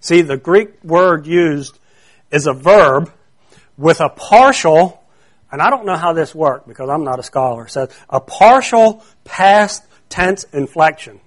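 Earnest high-voiced male preacher. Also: lively intonation, a little slow. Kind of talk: sermon.

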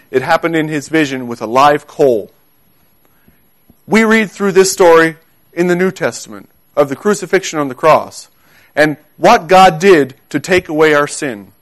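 A man delivers a sermon in a fairly high voice. He speaks earnestly and with emphasis, repeating key words for weight. When he reads scripture aloud, he slows down. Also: animated. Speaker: preacher.

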